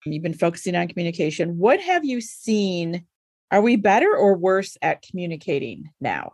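A woman's voice: fairly low pitch, very animated, moderate pace, a little mellow, no echo, studio quality. A woman hosting an interview, telling stories animatedly and acting out exchanges with her husband. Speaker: podcast host, business owner. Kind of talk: conversational interview.

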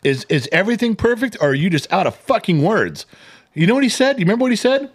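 Hombre animado que cuenta historias imitando voces. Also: male voice, high voice, quick pace. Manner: animated storytelling with mimicked voices, swearing. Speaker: podcast co-host. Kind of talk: casual chat.

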